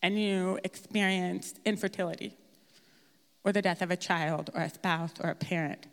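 A woman's voice: fairly low pitch, steady tone, moderate pace. A woman giving a slide talk, candid and chatty with a self-deprecating humor. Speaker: speaker at a grief workshop. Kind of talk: presentation with slides. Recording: hall reverb.

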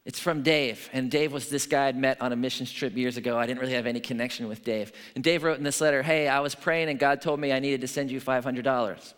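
A male pastor giving a sermon in a relaxed, conversational way, telling stories and checking in with his listeners. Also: mid-range voice, quick pace, few pauses, clean tone, long reverb tail. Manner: conversational, storytelling, frequent "right?" asides.

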